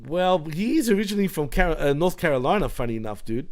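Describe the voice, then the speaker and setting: Male podcast co-host, slightly high voice, laid-back banter. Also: sing-song, fast. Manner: laid-back, laughs often, says bro and dude. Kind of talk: casual wrestling chat.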